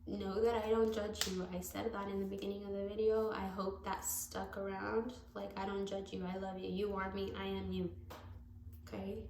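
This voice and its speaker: A woman's voice: mid-range voice, little pitch movement, normal speed, gravelly, darkish tone. A woman giving a casual tarot reading to camera, rambling and correcting herself as she goes, speaking with open affection. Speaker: tarot reader. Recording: echoey room with faint background noise.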